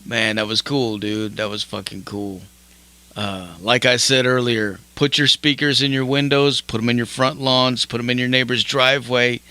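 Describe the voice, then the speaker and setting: A bright-toned man hosting a metal radio show. He talks in a loose, casual way, swears freely and laughs easily. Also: medium pitch, level tone, moderate pace, smooth, no room sound. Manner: laid-back, swears freely, laughs often. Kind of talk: casual radio interview chat.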